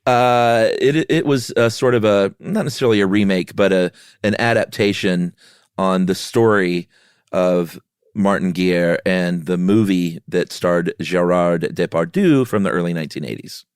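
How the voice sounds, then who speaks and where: Middle-aged dude cohosting a podcast, deep-ish voice, teases and laughs a lot, dry mic. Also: male voice, moderate pace, clean tone, no room sound. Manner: laid-back, teasing, laughs often. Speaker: podcast co-host. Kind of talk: casual chat.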